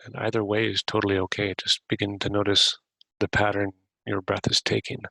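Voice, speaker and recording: Gravelly-voiced man guiding a meditation. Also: fairly low pitch, monotone, dry recording, low-quality recording. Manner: gentle, unhurried, asks the listener questions. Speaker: podcast host guiding a meditation. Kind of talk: guided meditation.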